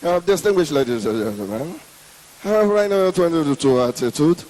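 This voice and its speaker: A mumbling pilot drones out a garbled cabin announcement in a low voice, as a comedian puts him on. The words slur together so they cannot be heard clearly. The sound rings with long hall reverb. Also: male voice, lively intonation, moderate pace, a little mellow, natural voice. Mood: droning.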